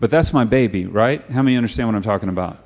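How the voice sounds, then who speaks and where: A man's voice: lowish voice, rapid-fire. Earnest, conversational middle-aged male preacher. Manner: conversational storytelling, then quiet earnest prayer. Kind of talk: sermon.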